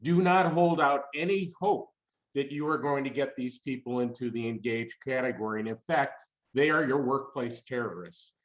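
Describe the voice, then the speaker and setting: A man's voice: mid-range voice, moderate pace. Guy doing a webinar talk, punchy and emphatic, lots of rhetorical questions, roomy echo. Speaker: webinar speaker on employee engagement. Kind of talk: webinar presentation.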